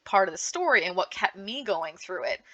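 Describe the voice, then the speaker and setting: A woman gives an upbeat panel talk recommending comics and manga. Her voice is bright and forward. She talks in a lively, animated way, often restarting her sentences. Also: mid-range voice, moderate pace, lo-fi sound. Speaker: librarian giving a book panel. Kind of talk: enthusiastic book recommendation talk.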